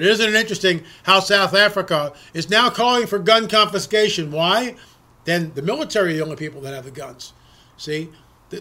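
A man's voice: sits high, sharp tone. A middle-aged man hosting a political commentary show, delivering an emphatic opinionated monologue full of repetitions and restarts.

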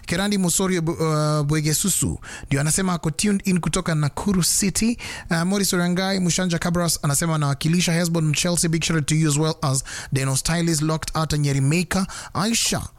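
Brief: Kenyan male radio host, upbeat and teasing, fast shout-outs, close dry mic. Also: fairly high pitch, no echo. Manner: lively, teasing, rattles off names and numbers. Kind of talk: casual radio chat with listener shout-outs.

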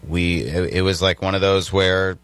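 A man's voice: low voice, normal speed, clean tone. A young man from Virginia, a stand-up comedian, telling stories in casual chat with lots of restarts. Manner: animated storytelling with many restarts.

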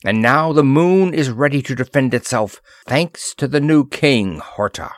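Man doing a stern older queen, raised pitch, lively, slow and dry. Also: no room sound, close to an everyday voice. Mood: harsh solemn. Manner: harsh, solemn. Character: harsh, proud older queen.

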